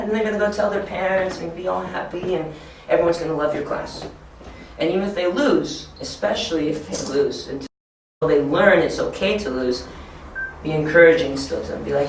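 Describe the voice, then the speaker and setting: A man training teachers, talking encouragingly and acting out excited children in a high voice. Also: fairly quick, a little hiss or hum. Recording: echoey room from far off.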